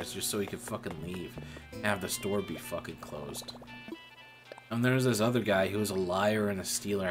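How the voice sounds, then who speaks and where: A young man in a casual, profane rant, venting bitterly about an old job. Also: low voice. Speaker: streamer. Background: music.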